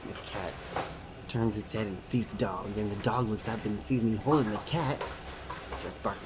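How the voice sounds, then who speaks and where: Interpreter, male, mid-pitched; lively storyteller, noisy take. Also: moderate pace. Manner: animated storytelling with acted-out quotes and sounds. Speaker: sign-to-voice interpreter. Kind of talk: voicing a signed personal story.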